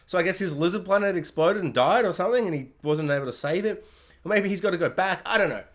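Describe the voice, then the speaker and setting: A man casually reviewing a TV season, excitable and quick to slip into silly voices when he quotes characters. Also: high-pitched.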